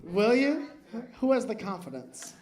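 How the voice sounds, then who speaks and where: A man's voice: high voice, big pitch swings, measured pace. A man doing stand-up crowd work, brash and profane as he jokes with the audience on a club stage. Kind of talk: live crowd-work banter. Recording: live club recording with loud crowd. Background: crowd laughter.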